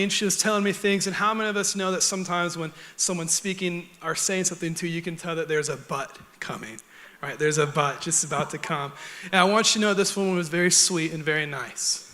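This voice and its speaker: A young man preaches in a church, his voice sitting high and ringing bright. He talks earnestly and conversationally, often dropping to soft, close tones. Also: brisk. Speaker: pastor. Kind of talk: sermon. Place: church auditorium.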